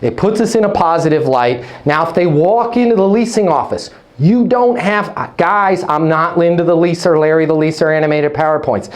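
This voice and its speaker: A man giving a live online leasing training, energetic and punchy, checking in with "okay? right?" and hyping up his listeners with playful nicknames. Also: fairly high pitch, normal speed, few pauses.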